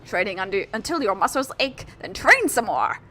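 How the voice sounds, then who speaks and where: A woman's voice: mid-range voice, sing-song, moderate pace, bright, forceful tone. A woman voicing an eccentric, boastful old male dojo master in a video game, with a slightly British put-on accent and a theatrical, grandiose delivery. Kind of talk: reading game dialogue aloud.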